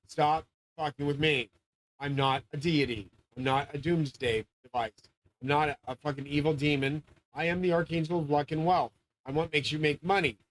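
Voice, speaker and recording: On his own channel, a man with a somewhat high, fairly even voice launches into a profane monologue at a moderate pace, captured on poor audio. He jumps from point to point, swears constantly, makes grandiose claims, and often breaks into yelling.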